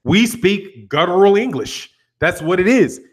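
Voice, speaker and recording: A man's voice: sits high, a little slow, slightly rough. An American man hosting a boxing channel, chatting casually and reading viewer comments in a joking, profane way. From United States. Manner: profane, joking, lively with laughs.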